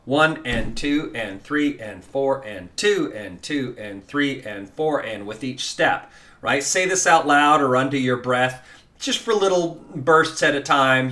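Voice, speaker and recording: In a medium-pitched voice with a sharp tone, a man gives a guided guitar lesson. He counts the beats aloud and coaches casually and encouragingly, using lots of filler words.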